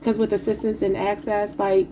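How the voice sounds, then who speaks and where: A woman's voice: medium pitch, flat delivery, moderate pace, noisy background. A woman giving a casual tarot reading, talking informally to her viewers and calling them y'all. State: slightly sick and emotional. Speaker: tarot reader.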